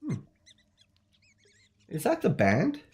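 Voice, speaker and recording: A man's voice: high-pitched, wildly swooping pitch, slow pace. A man hosting a comedic call-in talk show with a theatrical, exaggerated announcer delivery.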